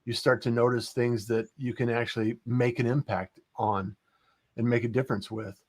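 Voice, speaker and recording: A man's voice: medium pitch, level tone, normal speed, slightly rough. Affirming male interview host. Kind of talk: casual interview chat.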